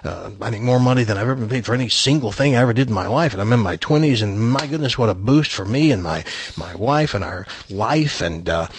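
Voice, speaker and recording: A man telling a long funny anecdote in a casual, animated way, with stumbling restarts. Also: medium pitch, fast, hardly any pauses, a little hiss or hum.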